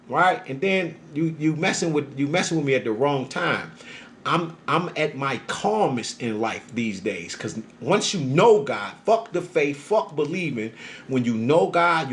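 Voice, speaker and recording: A man telling a story in casual, profane street talk, often checking in with "right?", moving between a low calm murmur and loud heated bursts. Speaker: storyteller recounting his experience. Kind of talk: casual monologue.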